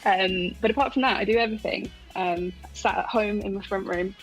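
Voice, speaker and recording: A woman's voice: medium pitch, fairly quick, soft background music, low-quality recording. Chatty woman musician on the phone. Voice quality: chatty, self-deprecating, laughs a lot, many fillers. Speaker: musician guest. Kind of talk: interview over the phone. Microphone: phone line.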